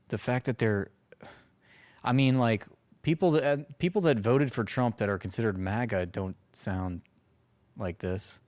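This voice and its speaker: A man's voice: on the low side, darkish tone. A man hosting a casual reaction stream, rambling and sarcastic, swearing freely as he talks over clips.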